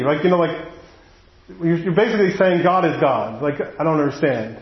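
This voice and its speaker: A man preaching a sermon in a conversational, animated way, with quick asides and the odd chuckle. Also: a little high. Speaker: pastor. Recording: echoey room, dull lo-fi sound.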